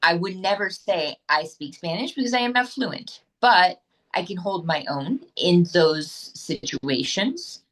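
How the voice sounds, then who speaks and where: An American actress in a casual interview, talking candidly and rambling with fillers and restarts over a video call. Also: female voice, lowish voice, expressive, a little slow, a bit bright, low-quality recording. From United States.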